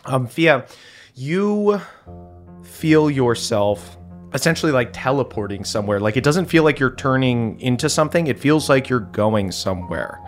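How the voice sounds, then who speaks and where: A man's voice: medium pitch, expressive, normal speed, soft background music. A man narrating as game master of a tabletop game, in a loose, descriptive way with frequent fillers.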